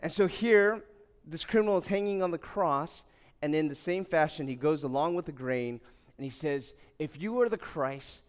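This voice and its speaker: A man's voice: fairly high pitch, moderate pace, clear, resonant tone. A male pastor preaching a sermon in an earnest, conversational way, quoting scripture and telling everyday stories. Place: church hall.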